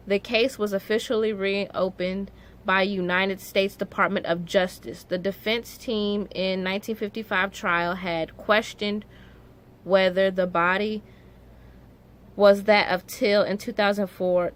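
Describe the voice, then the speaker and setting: A young woman speaks to her viewers at an unhurried pace in a middle-range voice. She tells the story casually, scattering "like" through her sentences, and grows openly emotional and indignant. It sounds like an everyday vlog. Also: mid-range voice. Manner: emotional, many "like" fillers, rising indignation. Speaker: vlogger.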